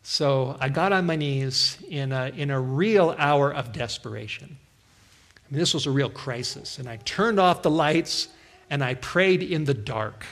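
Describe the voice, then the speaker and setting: Slow earnest male preacher telling his story. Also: medium pitch, a bit bright. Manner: earnest storytelling with many restarts. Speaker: pastor. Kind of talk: sermon testimony.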